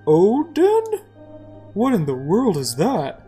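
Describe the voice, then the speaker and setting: A woman's voice: medium pitch, huge pitch swings, slow, warm tone, faint music behind, voice pushed up. A woman doing a friendly bear cook. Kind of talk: video game voice-over reading.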